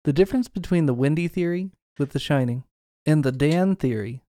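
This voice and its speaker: A man's voice: on the high side, a little fast, mellow, no echo, clean studio sound. A man co-hosting a podcast, casually explaining a film theory at length in a lecturing tone. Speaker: podcast co-host.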